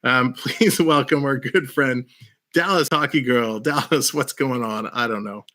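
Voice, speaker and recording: A man's voice: medium pitch, unhurried, pushed and bright. A man hosting a livestream in casual chat, upbeat and laughing often. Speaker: livestream host.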